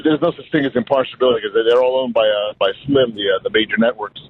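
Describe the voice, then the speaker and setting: Husky male caller, rambling and crude, muffled phone line. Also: mid-range voice, quick pace, dry recording. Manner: crude, rambling with many fillers. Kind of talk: casual phone-in talk.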